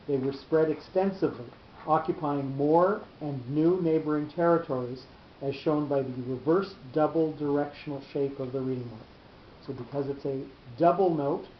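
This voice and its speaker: A man teaching a Bible class on cantillation marks, explaining each reading mark in a halting way and often repeating his words. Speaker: Torah teacher. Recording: roomy, dull lo-fi recording with faint rumble.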